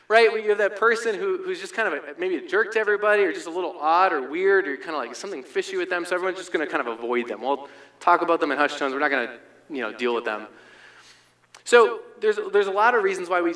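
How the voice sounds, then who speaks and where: Male pastor, sermon, chatty delivery, slightly high register. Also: bright, forceful tone. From United States. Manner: conversational, frequent "right?" asides.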